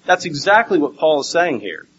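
A man preaching a Bible teaching sermon, animated and swinging between loud and hushed. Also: fairly high pitch, moderate pace, a little hiss or hum. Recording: dull lo-fi recording with faint ambience.

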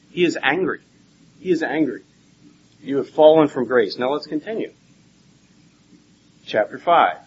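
A man preaching a Bible teaching sermon, animated and swinging between loud and hushed. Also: medium pitch, normal speed, pauses often, slight background noise. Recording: dull lo-fi recording with faint ambience.

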